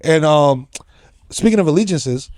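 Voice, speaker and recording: A man's voice: on the high side, animated, a little slow, a little mellow, dry recording. A man hosting a podcast, talking casual and profane, laughing a lot and mimicking other people's voices. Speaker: podcast host.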